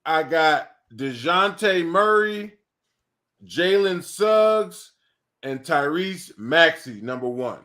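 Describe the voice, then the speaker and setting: Slow-talking, high-voiced man on a sports show. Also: lively intonation, pushed and bright. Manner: laid-back, teasing. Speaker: guest, former football player. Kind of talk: sports talk.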